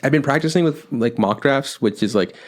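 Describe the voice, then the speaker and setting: On a podcast, a young male co-host rambles through a casual chat, full of fillers and curse words. His voice is mid-range and his pace a little fast.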